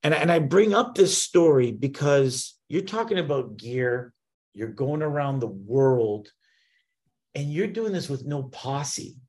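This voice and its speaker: Animated man telling a story. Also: mid-range voice, slow pace. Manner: animated storyteller, lots of repeated starts. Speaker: podcast host. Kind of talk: casual interview storytelling.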